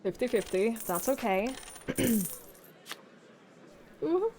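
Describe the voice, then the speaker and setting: A woman's voice: fairly high pitch, very animated, slow pace, slight background noise. A woman streamer commentating her own play live, talking to the game, swearing, laughing and thinking aloud between moves. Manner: talks to the game, swears, shifts from muttering to yelling.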